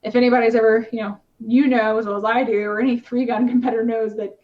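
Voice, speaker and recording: A woman's voice: on the high side, flat delivery, quick pace. A woman, a competitive shooter, talking casually in a podcast interview, with many fillers and restarts. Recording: slightly dull lo-fi podcast audio.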